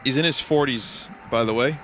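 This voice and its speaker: A man's voice: medium pitch, normal speed, over music. A man streamer telling a story in a casual, rambling way, full of restarts and side remarks. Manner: rambling with frequent restarts and asides.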